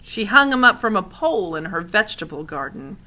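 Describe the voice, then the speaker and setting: A woman's voice: mid-range voice, big pitch swings, a little fast, bright, forceful tone. A woman reading a children's novel aloud expressively, adding asides to the listener. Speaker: audiobook reader.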